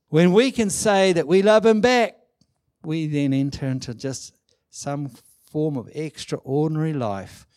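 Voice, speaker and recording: A man preaching a sermon, emphatic and animated, acting out quoted lines. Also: on the high side, dry recording, studio quality. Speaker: pastor.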